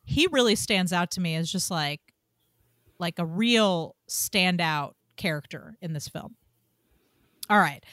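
A woman hosting a casual film podcast, animated and swearing freely, with lots of "like". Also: lowish voice, measured pace, pauses often, dry recording, studio quality. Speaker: podcast host.

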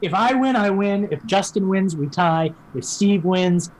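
A man's voice: sits high, animated. A man co-hosting a podcast in casual, upbeat, joking chat. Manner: upbeat, jokey, quick to laugh. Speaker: podcast co-host.

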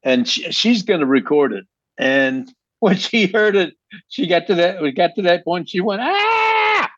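A man's voice: sits high, moderate pace, no room sound. A man, a guest songwriter, chatting in an interview, laughing often and speaking with emphasis. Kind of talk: casual interview chat. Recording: dull lo-fi, dry sound.

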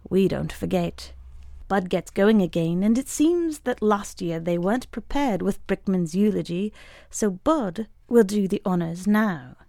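A woman reads a short story aloud in a wry, measured voice. Her tone is gravelly and of medium pitch. The sound is dry and close, with no room around it. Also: lively intonation, dark tone, dry recording. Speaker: reader.

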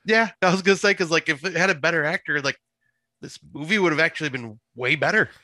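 A man guesting on a movie podcast, his voice a little high and bright. He is agreeable and mostly chimes in with short replies. The recording is dry and close. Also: fast talker, dry recording. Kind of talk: casual podcast movie discussion.

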